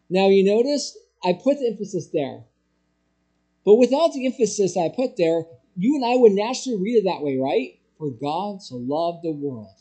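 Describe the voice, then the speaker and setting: A pastor lecturing a church group on music, his voice high in pitch yet mellow and dark in tone. He explains patiently, restarting phrases and stressing syllables as he goes. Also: expressive, normal speed. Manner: explanatory, with restarts and spoken emphasis. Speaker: pastor teaching a class.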